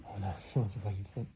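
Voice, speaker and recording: A man filming at home, talking to his pets in a playful, teasing way, like he would to kids. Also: on the low side. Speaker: pet owner filming at home. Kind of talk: casual home video chat. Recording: noisy home video.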